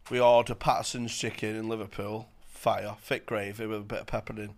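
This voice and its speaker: A man's voice: on the low side, fairly quick. A man telling funny stories in a casual chat, swearing and laughing as he goes. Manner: animated storytelling, swearing, laughing.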